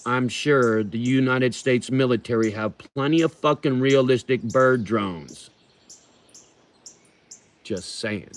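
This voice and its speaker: A man's voice: on the low side, slight background noise. A man hosting a livestream, chatting casually with viewers in a profane, rambling and heartfelt way. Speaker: livestream host.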